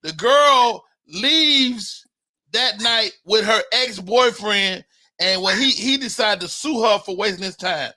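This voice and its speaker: High bright-voiced man hosting. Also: slow. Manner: emphatic, profane, stammering restarts. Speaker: podcast host. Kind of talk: casual comedic debate.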